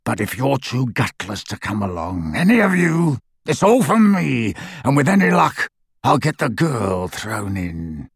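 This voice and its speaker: A man's voice: mid-range voice, very animated, unhurried, no echo, studio quality, exaggerated voice. A man voicing a menacing, brutish male werewolf thug who growls and snarls his words. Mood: gruff. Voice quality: gravelly, husky. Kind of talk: audiobook character voice.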